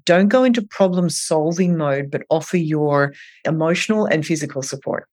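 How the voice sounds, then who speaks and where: An eating disorder clinician gives advice as an interview guest, calmly laying things out step by step. Her voice is middle-pitched, steady, caring and patient, gently earnest at a normal speed.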